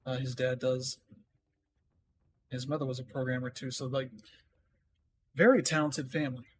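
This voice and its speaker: A man's voice: mid-range voice, level tone, moderate pace, slight background noise. Casual man thinking aloud on stream. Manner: thinking aloud, reading notes half to himself. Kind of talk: casual live-stream commentary.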